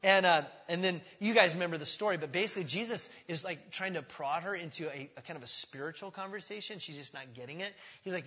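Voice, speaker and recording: Guy preaching a sermon, kinda husky, lots of "does that make sense", acts out the quotes, big echoey hall. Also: on the high side, fast talker, few pauses, pushed and bright. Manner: conversational, keeps asking "does that make sense?"; acts out voices in quoted dialogue. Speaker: pastor.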